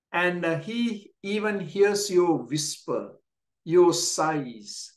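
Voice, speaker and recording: A male pastor giving a daily devotional sermon, speaking deliberately and repeating key phrases for emphasis. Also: sits high, expressive. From Canada.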